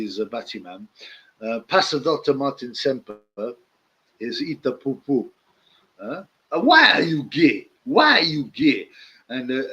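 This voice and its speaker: A man with rambles through stories on his livestream, his pitch swinging widely as he laughs and mimics people. He talks at an unhurried pace, and the stream audio sounds dull and lo-fi. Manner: laughs often, lively storytelling with mimicked voices. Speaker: livestream host. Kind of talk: casual rambling storytelling.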